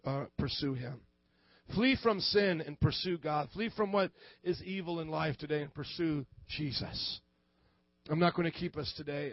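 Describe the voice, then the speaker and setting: A pastor with a high voice delivers his sermon in a lively, joking way and laughs at himself. The recording sounds dull and lo-fi. It is dry, with no room echo. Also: gravelly. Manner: animated, acts out quoted voices; jokey and self-deprecating.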